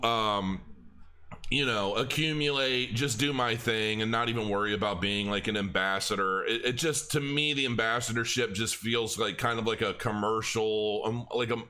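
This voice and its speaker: A man's voice: mid-range voice, bright, forceful tone. A man hosting a crypto livestream in a loose, rambling chat, reading viewers' comments aloud, joking and laughing often. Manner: rambling, reads chat aloud, many restarts.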